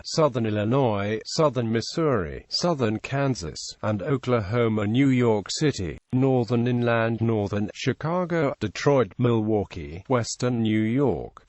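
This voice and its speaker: Lively, dry synthetic-sounding male narrator. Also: fairly low pitch, dry recording. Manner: reads out long lists of place names. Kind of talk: read-aloud encyclopedia article.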